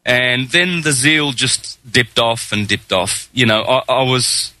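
An Australian man in his forties, a guest in an interview, talking in a relaxed storytelling way. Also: medium pitch, slow, no room sound. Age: 40s. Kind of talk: casual interview talk.

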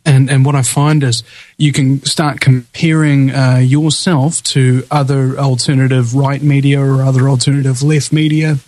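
A man with a New Zealand accent hosts a live talk radio show. He speaks at an ordinary pitch and rambles, stopping and restarting with plenty of fillers. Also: level tone, normal speed, a little mellow, no room sound, rough recording. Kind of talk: casual talk radio interview.

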